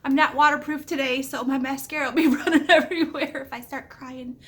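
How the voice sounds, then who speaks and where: A woman's voice: high-pitched, fairly even intonation, brisk, a bit bright. A middle-aged woman hosting a casual home decor vlog from her living room. She is chatty and homey, with lots of small asides, and is a little under the weather with the odd cough. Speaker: home decor channel host. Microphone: camera set up nearby, moved around while she talks.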